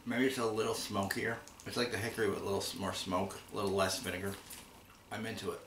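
A man co-hosting a casual taste-test chat, relaxed and thinking aloud as he compares flavors. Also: fairly low pitch, quick pace. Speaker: co-host. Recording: roomy room, mic a bit far, faint noise.

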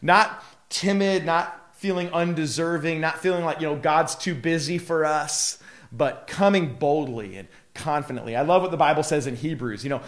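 A man's voice: fairly high pitch, moderate pace. A male pastor giving a live devotional talk, earnest and emphatic, with casual fillers.

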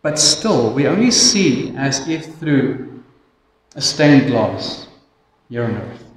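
A man with a South African accent preaching a sermon as pastor, slow and emphatic, often dropping to a quiet, intense hush. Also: medium pitch, very animated. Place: church. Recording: echoey church hall.

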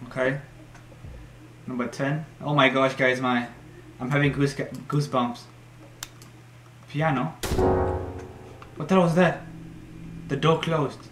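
Brief: young man, horror let's play, bright, scared and shrieking, echoey room, faint hiss. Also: mid-range voice, fairly even intonation, measured pace, pauses often, faint music behind. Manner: jumpy, shrieks and swears when startled. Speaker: gaming YouTuber. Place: room at home.

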